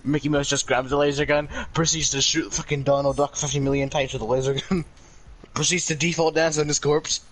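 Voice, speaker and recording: A man's voice: a little high, little pitch movement, a little fast. A young man chatting crudely and laughing often while gaming. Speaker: gamer chatting with a friend. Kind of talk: casual gaming chat. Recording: game music behind voice. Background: game music.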